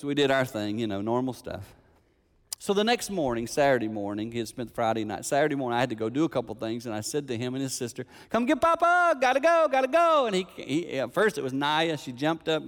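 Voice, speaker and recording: An older man preaching a sermon, telling a family story with animated delivery and acting out the voices of the people in it. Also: mid-range voice, fast, in a large hall.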